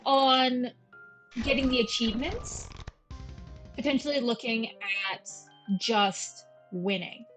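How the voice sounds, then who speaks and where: A woman's voice: fairly high pitch, takes it slowly, pauses often, fairly bright tone, poor audio. Chatty woman with a Valley Girl voice. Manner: rambling, chatty, self-deprecating. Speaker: gameplay streamer. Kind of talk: casual gameplay commentary. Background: faint game music.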